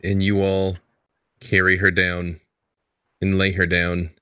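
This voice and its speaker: A man's voice: sits low, monotone, slow pace, bright, forceful tone, smooth, no echo. A man narrating as game master in a casual, loose style.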